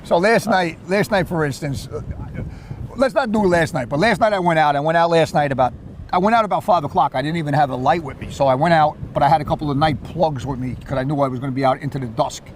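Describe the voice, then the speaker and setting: A man with a New York accent, chatting casually about fishing and telling animated stories, repeating and restarting his words. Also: fairly high pitch, fast, a little hiss or hum. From Queens, New York. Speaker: surf fisherman. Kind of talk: casual chat.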